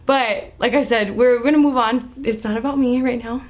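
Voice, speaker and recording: A young woman talks straight to her viewers in a chatty, animated recap. Her voice sits a little high for a woman. She fills her sentences with "like" and slips into little impressions of the people she describes. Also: normal speed. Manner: animated, lots of "like" fillers, acts out quotes. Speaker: vlogger recapping a TV episode.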